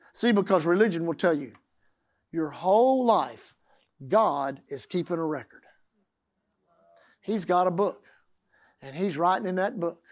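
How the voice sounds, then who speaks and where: A man preaching a sermon, emphatic, swinging from loud declarations to hushed asides and drawing out key phrases word by word. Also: high voice. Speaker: pastor.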